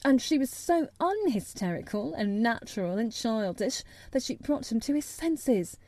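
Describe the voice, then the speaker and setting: Calm woman narrating a storybook. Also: fairly high pitch, a little slow, dry recording. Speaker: audiobook narrator. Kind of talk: scripted narration of a classic novel.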